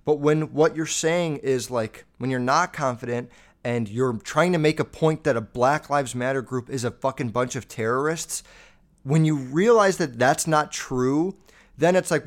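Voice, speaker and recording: A man's voice: medium pitch, measured pace. A man hosting a podcast, ranting casually and bluntly, with heavy swearing and lots of fillers. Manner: profane, blunt, rambling with many fillers. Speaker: podcast host.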